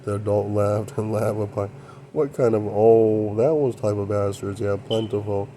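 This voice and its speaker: A man's voice: on the low side, little pitch movement, moderate pace, mellow, slight background noise. A man hosting his own channel, talking in a rambling monologue and often repeating short affirmations. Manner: rambling, repeats "yeah, that's true". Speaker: channel host.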